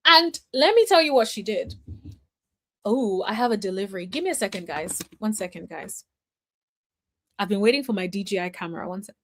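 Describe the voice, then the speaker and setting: A woman's voice: mid-range voice, lively intonation, a little fast, pauses often. A woman giving casual commentary as a reality TV recap vlogger, chatty, emphatic and opinionated, calling her viewers y'all and honey.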